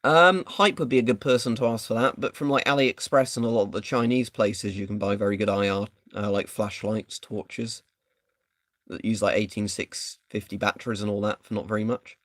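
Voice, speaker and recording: A man's voice: lowish voice, fairly even intonation, moderate pace, a bit bright, no echo, studio quality. A man doing a casual live stream, chatting and thinking aloud while he tests equipment.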